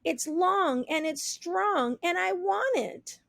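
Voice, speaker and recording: A woman voicing an insecure young female turkey who pleads and complains in a high squeaky voice. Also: animated, slow, gravelly, a bit bright, no room sound, clean studio sound, heavily acted. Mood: pleading.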